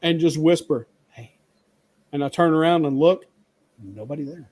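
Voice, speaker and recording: A man's voice: a little high, a little fast, darkish tone, dry recording. A man co-hosting a casual chat, telling stories in a rambling way full of fillers. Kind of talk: casual storytelling.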